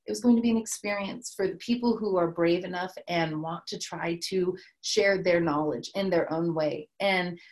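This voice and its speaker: A woman's voice: lowish voice, normal speed, few pauses. A young adult woman, a startup co-founder, telling a story in a casual chat and acting out the lines of the people in it. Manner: animated, acts out quoted dialogue.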